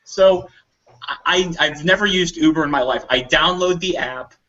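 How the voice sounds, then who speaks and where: A man with a bright, slightly high voice tells a rambling convention story, jumping up in pitch whenever he acts out what someone said. The sound is dull and lo-fi, like a remote call. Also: normal speed. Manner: animated storyteller acting out quotes in higher voices. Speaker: volunteer convention staff telling a story. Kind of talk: casual podcast anecdote. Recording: dull lo-fi audio.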